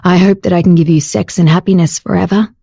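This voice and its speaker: A confident, teasing husband speaks low and patiently, as a woman narrator puts him on. The tone is warm and mellow. The recording is dry and close. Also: steady tone, fast talker, vocal fry, breathy edge, no echo. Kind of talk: audiobook character voice.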